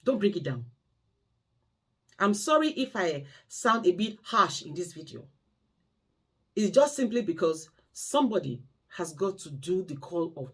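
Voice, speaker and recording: A woman carer vlogger speaks to her audience in a husky voice. Her pitch swings widely as she tells cautionary stories, then pleads with them in an emphatic, preachy way. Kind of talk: impassioned storytelling monologue.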